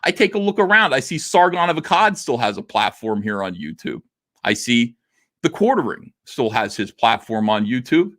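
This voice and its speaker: A man's voice: medium pitch, sing-song, normal speed. Theatrical man hosting a livestream. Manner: theatrical, swings between quiet and loud, laughs often. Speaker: comics livestream host. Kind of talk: livestream monologue.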